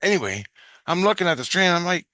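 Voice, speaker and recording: A man's voice: high-pitched, sing-song, fast, pushed and bright, no echo, clean studio sound. A man casually recounting a dreamlike experience, meandering with frequent restarts and offhand swearing. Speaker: vlogger recounting a spirit-world vision. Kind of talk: casual rambling storytelling.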